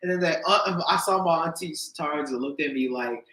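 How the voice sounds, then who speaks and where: A young man hosting a podcast, telling stories in casual chat and jumping into high-pitched voices when he quotes people. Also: brisk, pushed and bright. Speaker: podcast host. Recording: echoey room.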